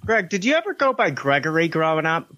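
A man's voice: fairly high pitch, very animated, a little fast, pushed and bright, lo-fi sound. A man hosting a casual group podcast, loose and joking, swearing freely as he runs the show. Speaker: podcast host.

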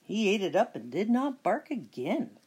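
Husky, animated woman reading a storybook. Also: mid-range voice, normal speed. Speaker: storybook reader. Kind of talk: reading a children's picture book aloud.

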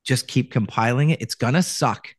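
Man from Canada, interview guest, rambling storyteller, mid-pitched voice, dry close sound. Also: moderate pace, dry recording. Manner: rambling, many restarts, acts out quoted lines. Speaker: voice actor guest.

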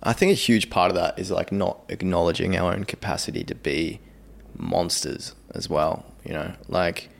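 A man's voice: deep voice, normal speed, gravelly, hardly any pauses. A man in casual podcast chat, swearing freely and laughing often. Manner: swearing, laughing a lot, animated.

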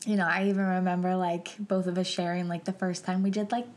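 A young adult woman hosting a podcast, telling a personal story in a soft, chatty way with many fillers and frequent hushed whispers. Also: on the low side, level tone, fast talker. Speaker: podcast host.

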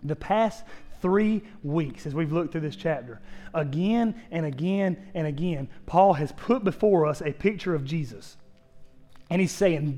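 A man's voice: a little high, normal speed, darkish tone. A male pastor, around his thirties, preaching a fervent sermon with emphatic repeated phrases and direct questions to the congregation.

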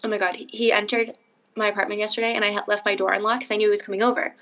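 A young woman co-hosting a podcast, chatting casually and acting out stories with lively quoted voices. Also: rapid-fire. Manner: animated storytelling, acting out quotes with big pitch jumps. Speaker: podcast co-host. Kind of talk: casual chat.

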